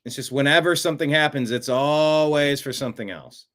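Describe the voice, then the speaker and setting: A man's voice: a little high, fairly quick, fairly bright tone. A male show host commenting on played clips in a casual, conversational way and reading out viewer comments.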